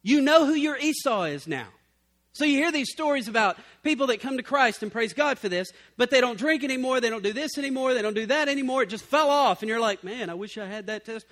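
A man preaching a sermon as pastor, swinging from loud emphatic bursts to low, quiet passages. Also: animated, a little fast.

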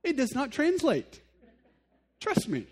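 Preaching slowly in a very high voice with huge pitch swings, a male pastor talks straight to his listeners. He keeps it earnest and conversational, often joking at his own expense.

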